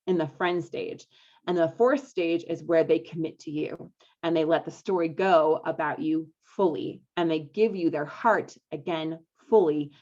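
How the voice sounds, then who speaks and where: A woman's voice: lowish voice, a little mellow. A woman coaching couples in a live online masterclass, upbeat and coaxing, often checking in with her listeners. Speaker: marriage coach hosting a live webinar. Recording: dull lo-fi webinar audio.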